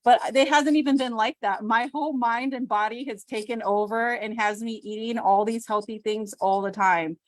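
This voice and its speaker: Her voice sits a little high, and she talks at a normal speed with hardly any pauses, captured in a dry recording. This business owner and homeschooling mom gives a chatty, self-deprecating testimonial on a group video call, animating the voices she quotes.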